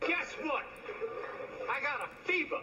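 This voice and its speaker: An actor playing an overexcited man in a comedy sketch, loud and emphatic, heard as a dull, distant clip over music. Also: extremely high pitch, a little slow, roomy sound. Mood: giddy.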